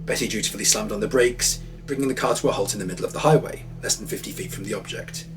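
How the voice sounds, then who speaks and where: A man's voice: fairly low pitch, quick pace. A man giving scripted, dramatic narration for an audio documentary, telling the story vividly. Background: faint music.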